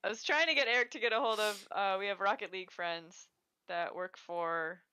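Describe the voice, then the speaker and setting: A woman's voice: medium pitch, moderate pace, sharp tone, lo-fi sound, slight background noise. A woman co-hosting a casual livestream chat, rambling and laughing often. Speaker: co-host.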